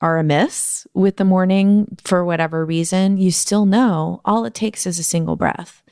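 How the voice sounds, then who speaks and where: Lower-voiced woman host, affirming, dry close sound. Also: fairly even intonation, moderate pace, a little mellow, clean tone, no room sound. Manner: affirming, encouraging, many small agreements. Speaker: podcast host. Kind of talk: casual interview chat.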